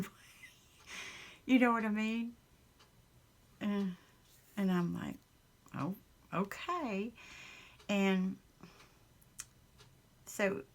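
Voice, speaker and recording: A craft vlogger with a Southern US accent chats casually while crafting in her home craft room, rambling, chuckling often and filling pauses with ums. Her voice is medium-pitched with vocal fry.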